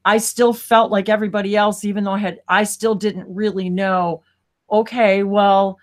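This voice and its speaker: A woman chats loosely on a live stream, her thoughts spilling out in rambling loops. She keeps cutting herself off mid-sentence and breaks into quick laughs, heard over a video call. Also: medium pitch, flat delivery. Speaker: co-host of a live spiritual stream. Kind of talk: casual live-stream chat.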